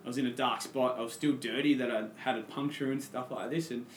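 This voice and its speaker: A man's voice: medium pitch, steady tone, fast talker, roomy sound, slight background noise. An Australian man, a podcast guest, telling a story in casual chat and acting out his own past lines.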